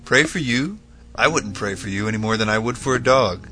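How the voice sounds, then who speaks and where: Narrator doing a sneering local official, contemptuous, sharp and raised. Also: male voice, lowish voice, fairly quick. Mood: scornful.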